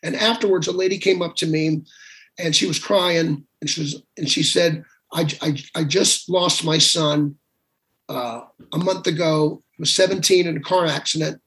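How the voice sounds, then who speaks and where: A man with a notably high speaking voice tells his story as a guest. He acts out the lines of the people in it and jokes at his own expense. The talk is casual and lively. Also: normal speed. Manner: animated anecdotes with quoted dialogue and self-deprecating humor. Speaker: guest singer. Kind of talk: storytelling conversation.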